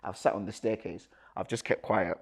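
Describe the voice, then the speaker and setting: A young man appears as a guest and tells a personal story, animated and acting out the dialogue with nervous laughter. His voice is on the low side, at a normal pace.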